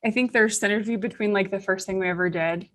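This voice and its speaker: A woman's voice: medium pitch, steady tone, fast talker, fairly bright tone. A woman hosting a podcast, chatty and upbeat, with many fillers between her questions. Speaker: podcast host, CPA.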